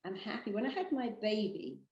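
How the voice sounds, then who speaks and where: A woman with a British accent, a therapist giving an emphatic, animated motivational talk straight to the camera. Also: mid-range voice, brisk, reverberant, muffled recording. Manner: emphatic, animated storytelling with acted quotes. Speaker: therapist and hypnotherapist.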